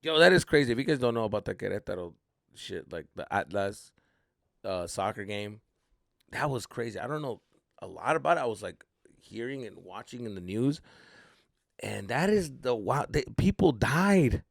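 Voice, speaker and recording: Animated, gravelly-voiced male comedian storytelling. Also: mid-range voice, moderate pace, no room sound, studio quality. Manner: animated, swears often, acts out voices. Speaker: comedian and podcast host.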